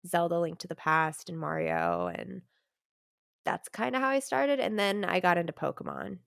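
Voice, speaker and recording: A woman's voice: on the low side, very animated, moderate pace, creaky, a bit bright, dry recording, clean studio sound. A woman in her thirties chatting on a podcast, rambling and correcting herself as she remembers. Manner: rambling, self-correcting recollection. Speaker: podcast co-host. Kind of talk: casual chat.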